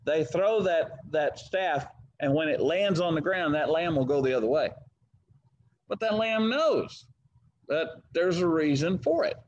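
Folksy Southern preacher, higher voice. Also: male voice, lively intonation, measured pace, darkish tone, lo-fi sound. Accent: Southern American. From American South. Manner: folksy storytelling with scripture quotes. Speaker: preacher leading Bible study. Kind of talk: Bible study teaching.

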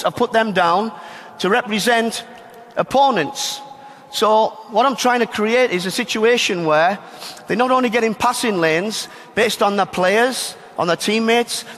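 High-voiced soccer coach. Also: male voice, a bit bright, in a large hall. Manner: directive, addresses players and coaches by turns. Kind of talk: live coaching demonstration.

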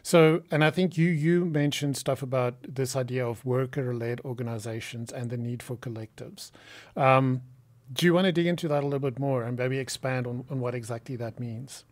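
A man's voice: medium pitch, normal speed. Man hosting a podcast, rambling questions. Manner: rambling questions with many restarts. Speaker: podcast host. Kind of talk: casual interview talk.

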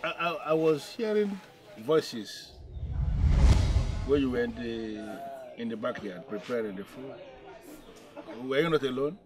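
An actor plays an earnest, doting young husband with a Nigerian accent in a film drama. He speaks haltingly, and his pitch rises and falls a lot. Faint film music sits under his lines. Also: expressive, close to an everyday voice. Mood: puzzled. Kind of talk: Nollywood film acting.

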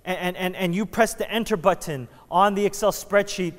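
Pastor, male, slightly high voice, chatty joking sermon delivery, long church-hall reverb. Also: normal speed. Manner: casual, joking, conversational preaching with frequent restarts. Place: church sanctuary.

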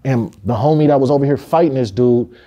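A man's voice: mid-range voice, fairly quick, dark tone. A man from Compton speaking in a candid interview, emphatic and full of street slang and profanity. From Compton, California.

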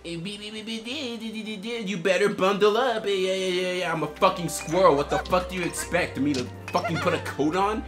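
A young man giving profane, sarcastic gameplay commentary, swinging from muttered gripes into shouting and laughter. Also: high voice, steady tone, a little slow, few pauses, soft background music. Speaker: gaming commentator.

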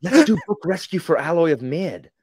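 A man chatting as a podcast guest, playful and quick to laugh. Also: fairly high pitch, background noise. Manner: playful, giggly, animated. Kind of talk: casual chat.

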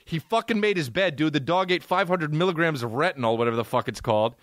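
A man's voice: a little high, quick pace, a bit bright, no echo, clean studio sound. A man hosting a podcast, telling a comic story with a profane, exasperated, punchy delivery. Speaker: podcast host. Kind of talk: comedic storytelling monologue.

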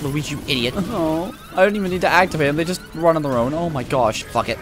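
A young man giving casual, excitable gameplay commentary with frequent swearing, shouting at characters in the game. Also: on the high side, fast talker, hardly any pauses, soft background music. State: sore tongue from a cold sore. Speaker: gaming video creator.

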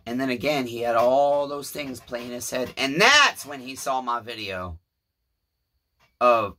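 A man in his thirties with a Southern US accent tells a story in a small shed, rambling between cussing and preaching. His voice is forceful with a husky edge. He speaks in a casual, animated way to his viewers. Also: mid-range voice, moderate pace. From Tennessee, US. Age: 30s. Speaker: channel host.

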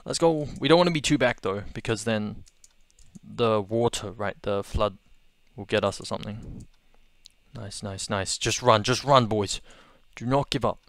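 A young man with an Australian accent giving excitable let's-play commentary, gasping and repeating his exclamations. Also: on the low side, unhurried, dry recording, clean studio sound. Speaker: gaming video host.

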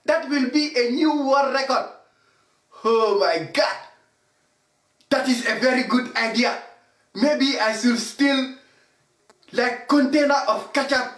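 A man's voice: very high voice, takes it slowly, pauses often, a bit bright, reverberant, rough recording. A man doing a rambling, melodramatic comedic vlog monologue in broken English. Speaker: comedy vlogger.

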